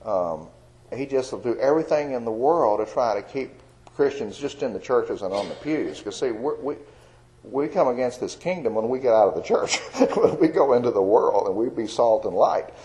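A man's voice: medium pitch, expressive, normal speed, mellow, poor audio. A man, an evangelist giving a folksy, earnest personal testimony sermon.

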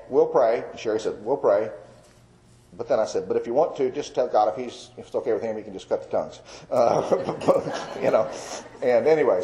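A man's voice: mid-range voice, mellow, rough recording. Chuckling man giving testimony. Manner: folksy, chuckling storyteller. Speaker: evangelist. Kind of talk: personal testimony.

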